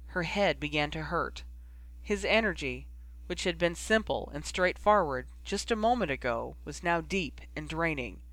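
Bright-voiced man reading fiction. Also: a little high, lively intonation, normal speed, no room sound. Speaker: audiobook reader. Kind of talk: fan fiction narration.

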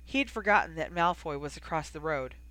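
Steady, dry-voiced audiobook narrator. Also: mid-range voice, fairly quick, no echo, rough recording. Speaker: audiobook reader. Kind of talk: scripted narration.

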